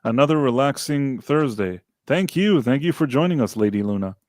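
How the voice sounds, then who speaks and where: A man hosting a casual podcast livestream, relaxed as he reads out and thanks viewers from the chat. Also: medium pitch, moderate pace, no echo, clean studio sound. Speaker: podcast host.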